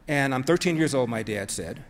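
A man's voice: medium pitch, expressive, fairly quick. A man giving an emphatic storytelling speech, acting out the voices he quotes. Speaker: speaker telling a family story. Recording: long hall reverb.

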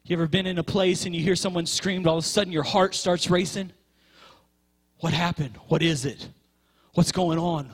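A man's voice: high voice, fairly even intonation, normal speed. A man preaching a sermon with passion, stretching key words and repeating phrases for emphasis.

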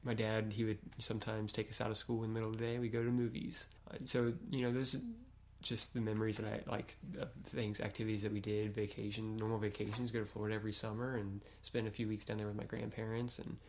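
A man's voice: on the low side, little pitch movement, fast, few pauses, a little hiss or hum. A man from Kentucky in casual conversation, easygoing and full of filler phrases. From Kentucky, USA.

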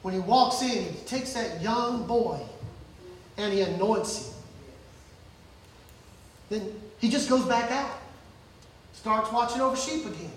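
A man's voice: high voice, slow pace, pauses often, a little hiss or hum. A man preaching a sermon, telling a story with animation and acting out the scenes. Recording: echoey hall from far off.

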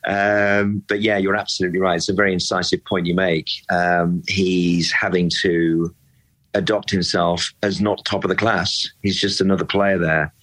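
A man talking about football as a passionate fan, emphatic and animated, often repeating words as he builds his point. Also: deep voice, moderate pace, low-quality recording. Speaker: football pundit and club fan. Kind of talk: impassioned casual discussion.

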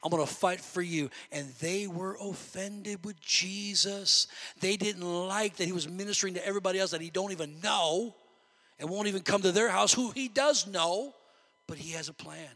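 A man preaching a sermon in a church, animated and rising to near shouts at his peaks. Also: high voice, normal speed, in a large hall. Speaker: pastor. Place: church sanctuary.

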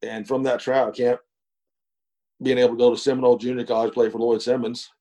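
A middle-aged man spins a long, folksy yarn as an interview guest. His voice is mellow and relaxed, in the middle of the male pitch range. He talks unhurriedly, with plenty of fillers and chuckles along the way. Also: fairly quick, rough recording. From East Texas. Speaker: guest, former pro baseball pitcher. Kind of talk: casual storytelling interview.

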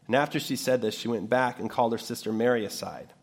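A man's voice: lowish voice, a little fast, husky. A man preaching an Easter sermon, reading a scripture passage aloud and then explaining it in plain terms. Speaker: pastor.

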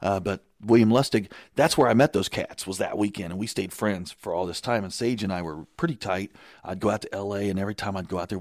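A middle-aged man telling stories in a casual, animated, excitable way, acting out the quotes. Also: low-pitched, no room sound, studio quality. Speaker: guest. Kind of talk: casual storytelling.

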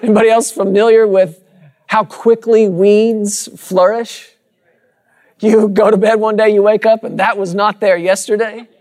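High-voiced man preaching a sermon. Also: little pitch movement, unhurried, darkish tone. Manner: rhythmic repetition, calls out to the congregation. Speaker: pastor. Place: church sanctuary with congregation.

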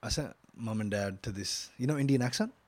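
A man with a mid-range voice hosts a casual podcast conversation, talking fast and chiming in with steady "yeah"s between his own stories. His voice is dry and close to the mic. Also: mid-range voice, dry recording. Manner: chatty, back-channels "yeah" a lot, drops into quoted anecdotes.

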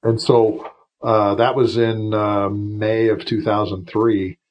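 Speaking slowly in a low, level tone, this man in his fifties, once an Air Force officer, rambles through emotional anecdotes as a guest on a casual podcast interview. He keeps restarting and drifting into asides, and the recording sounds dull.

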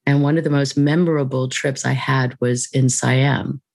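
A woman guest on a podcast, telling a personal story in a reflective, unhurried way with soft laughs. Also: rumbling low, steady tone, creaky, dry recording.

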